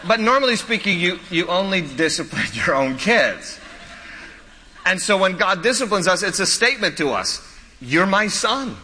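A man's voice: sits high, very animated, normal speed, sharp tone, breathy edge. A man preaching a sermon as a pastor, emphatic and repeating key lines, with humorous storytelling asides. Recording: long reverb of a large hall.

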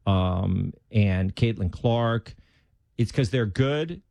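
A man's voice: on the low side, lively intonation, extremely slow, creaky, mellow, no echo. Man host, dry and rambling. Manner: rambling, searching for words. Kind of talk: casual chat.

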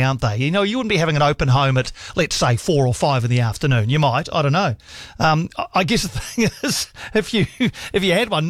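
A man's voice: dry recording, studio quality. A man hosting sports talkback radio, enthusiastic and encouraging with callers. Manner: enthusiastic, warmly encouraging callers, rising pitch when excited. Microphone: studio mic.

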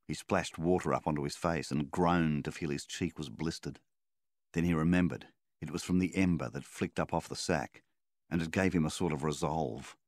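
Male narrator, extremely low voice, measured audiobook read, dry booth. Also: no room sound.

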